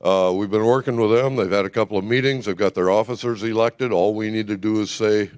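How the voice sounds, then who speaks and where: A man giving an informal, brisk and folksy talk at a party convention, full of fillers, speaking without a microphone. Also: fairly low pitch, fairly even intonation, a little mellow, smooth, no room sound, studio quality.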